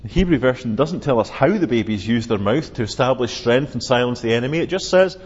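A man's voice: mid-range voice, expressive, fast, darkish tone, slightly rough. A man preaching a sermon, expounding scripture earnestly and emphatically, lifting his voice on quoted cries. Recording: lo-fi with long hall reverb.

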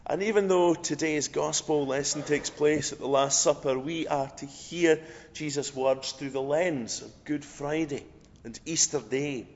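A hoarse man preaching a sermon as a pastor, measured and earnest. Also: fairly high pitch. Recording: dull lo-fi recording in a reverberant church.

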